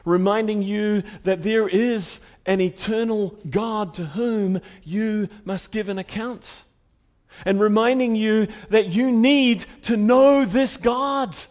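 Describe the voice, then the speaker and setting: A man preaching a sermon with emphasis, repeating key lines and swinging from loud declarations to hushed, soft phrases. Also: high voice, slow pace.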